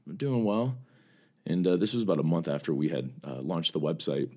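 A man's voice: a bass voice, quick pace. A man co-hosting a podcast, telling a personal story in an earnest, casual way, often repeating words as he starts phrases. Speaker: podcast co-host.

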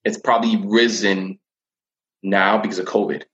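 A man's voice: lowish voice, steady tone, normal speed, fairly bright tone, lo-fi sound. A man talking about coping with anxiety as a teen coach in a casual podcast chat, earnest and often repeating words while he thinks.

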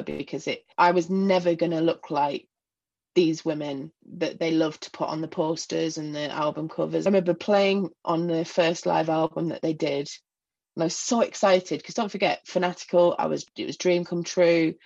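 A woman's voice: low voice, steady tone, moderate pace, vocal fry, a little mellow, highs cut off. A woman from Northeast England with a Northeast English accent, talking frankly and self-deprecatingly as a guest in an interview. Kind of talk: candid personal interview.

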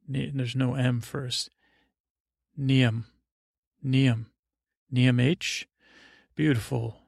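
A man hosting a podcast, chatting casually and halting as he thanks listeners by name. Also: mid-range voice, gravelly, no echo, clean studio sound. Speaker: podcast host. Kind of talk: casual chat.

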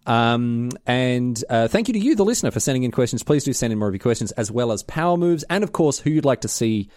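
A man co-hosts a podcast in loose, teasing chat, his words coming quick and tumbling over each other. His voice sits at an ordinary middle pitch. The recording is close and dry, with no room around it. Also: expressive, a little mellow, no room sound. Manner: chatty, teasing, quick asides. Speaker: podcast co-host. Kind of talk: casual chat.

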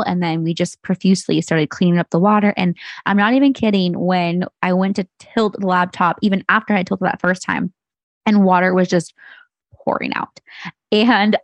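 A woman's voice: medium pitch, no echo. A woman in her thirties, a podcast host and business owner, telling a story in a chatty, rambling way, full of fillers and restarts. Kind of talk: casual solo storytelling.

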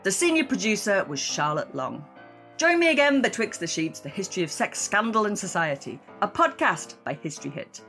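A woman's voice: mid-range voice, sing-song, a little fast, a bit bright. Friendly female podcast host, faint music. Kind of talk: podcast interview and scripted outro.

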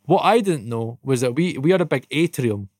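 A man's voice: medium pitch, normal speed, no room sound. Scottish man from Dundee, podcast co-host, dry close-mic sound, chatty and sweary, mid-range voice. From Dundee, Scotland. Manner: animated, swears freely, laughs through the story. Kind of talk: casual anecdote telling.

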